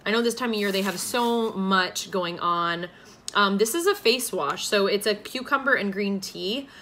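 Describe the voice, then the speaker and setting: A woman's voice: mid-range voice, normal speed, bright, forceful tone, a little hiss or hum. A woman hosting a casual skincare unboxing at home, gushing with enthusiasm as she talks through each product. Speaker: beauty vlogger and podcast host.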